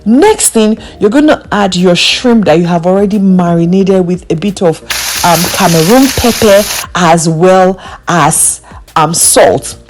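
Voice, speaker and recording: A woman's voice: fairly low pitch, lively intonation, a little slow, a little mellow. A young woman vlogger walking through a recipe in her home kitchen, emphatic and playful, repeating the key steps for emphasis. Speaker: cooking vlogger. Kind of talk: recipe walkthrough.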